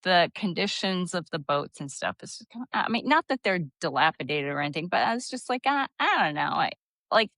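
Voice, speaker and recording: This podcast host is a woman with a fairly low pitch, talking in a loose, rambling storyteller way. Her voice is recorded dry, with no room sound around it. She strings her story together with lots of "like" and quick restarts. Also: expressive, fairly bright tone, dry recording. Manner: chatty storyteller, full of "like" and restarts. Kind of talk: casual chat.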